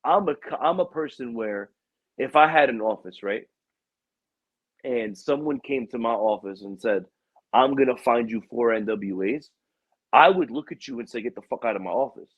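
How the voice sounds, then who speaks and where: A man's voice: moderate pace, dry recording, highs cut off. A young man hosting a podcast, telling a profane story in casual chat and acting out other people's lines with a raised voice. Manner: animated, profane, acts out quotes with raised pitch. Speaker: podcast host.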